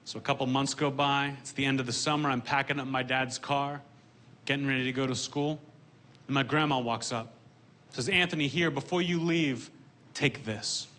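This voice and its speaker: A man performing a stand-up comedy set onstage, with a deadpan delivery. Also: medium pitch, a little fast. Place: stage before a live audience.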